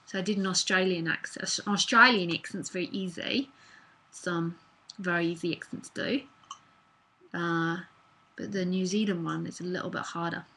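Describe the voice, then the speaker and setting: A woman's voice: lowish voice, fairly even intonation, moderate pace, sharp tone, slightly rough, low-quality recording. A woman speaking as a spiritual teacher in a live online talk, earnest and casual, with fillers and the odd swear word, into a computer mic.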